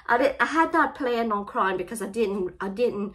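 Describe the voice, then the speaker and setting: A woman's voice: on the high side, lively intonation, moderate pace, few pauses, fairly bright tone. A middle-aged woman with a Cajun Louisiana accent, chatting casually in an unboxing vlog, tearful and heartfelt, often apologizing. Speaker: crafting channel vlogger.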